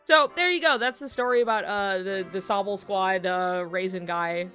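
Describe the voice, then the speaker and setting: A woman's voice: mid-range voice, normal speed, sharp tone, faint music behind. Rambling woman streamer telling a story. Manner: rambling, filler-heavy, breaks into laughter. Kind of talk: casual storytelling to stream chat. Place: home streaming setup while drawing.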